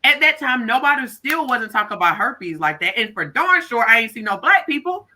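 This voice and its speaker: A woman in her thirties tells a candid personal story, lively and expressive. Her voice is bright and forward, and she slips into the voices of people she quotes. Nothing in her tone stays flat for long. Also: a little high, fairly quick. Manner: animated, acts out other people's words in her telling. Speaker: guest life coach.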